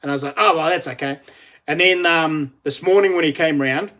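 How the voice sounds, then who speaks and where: A man's voice: on the high side, fairly quick, bright, forceful tone. Laughing New Zealand man streaming live. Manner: chatty, laughs often, reads out viewer messages. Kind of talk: casual live-stream chat.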